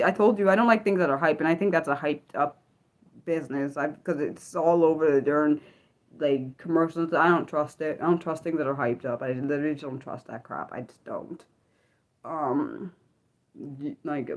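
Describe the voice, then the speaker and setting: A woman hosts a casual livestream in a fairly low voice. She rambles through her thoughts, stopping and restarting, with plenty of ums. She answers her chat as she goes. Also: normal speed. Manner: rambling, many fillers and restarts, reading chat aloud. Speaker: livestream host.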